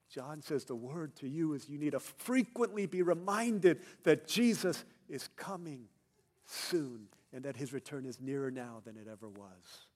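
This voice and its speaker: A young male pastor preaching a sermon, telling a personal story and building to loud, emphatic peaks. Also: mid-range voice, animated, a little slow.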